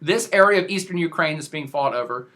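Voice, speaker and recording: This man, slightly high-pitched and slightly quick, holds forth on international affairs like a professor on a relaxed podcast. He's emphatic and spirited, uses slang, and often begins sentences again.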